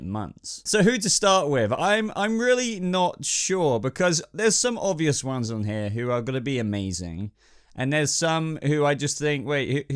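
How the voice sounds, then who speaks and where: A young man hosts a casual ranking video, his voice hoarse but still fairly smooth underneath, pitched in an ordinary middle range. He thinks aloud as he goes, hesitant and rambling while he sorts his choices. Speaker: YouTube host.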